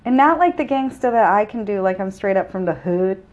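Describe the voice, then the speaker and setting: A woman of ordinary pitch chatting casually as a podcast co-host. She tells stories in an animated, joking way and swears freely. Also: brisk, lo-fi sound. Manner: profane, joking, animated storytelling. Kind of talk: casual true-crime chat.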